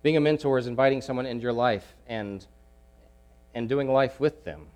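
A man preaching a sermon, emphatic, repeating key phrases and swinging between loud pushes and hushed asides. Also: mid-range voice, moderate pace.

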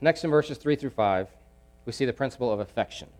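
A man preaching a sermon, emphatic, repeating key phrases and swinging between loud pushes and hushed asides. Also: mid-range voice, expressive, brisk.

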